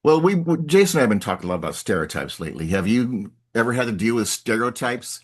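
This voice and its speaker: A man hosting a podcast, asking a guest questions in casual chat and clearing his throat often. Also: mid-range voice, sing-song, fast talker. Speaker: podcast host.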